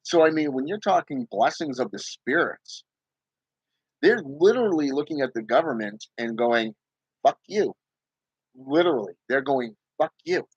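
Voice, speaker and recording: A man's voice: medium pitch, expressive, normal speed, breathy edge, no echo, low-quality recording. A man hosting his own channel, talking casually and emphatically to viewers about spirit work, often checking in with "okay?". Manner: emphatic, repeats "okay?" and "you know". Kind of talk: casual livestream talk.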